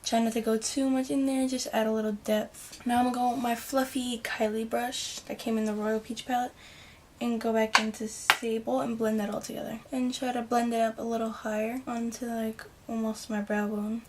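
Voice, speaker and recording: A woman giving a casual makeup tutorial in a chatty, rambling way, with soft muttered asides. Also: a little high, slight background noise. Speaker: beauty vlogger.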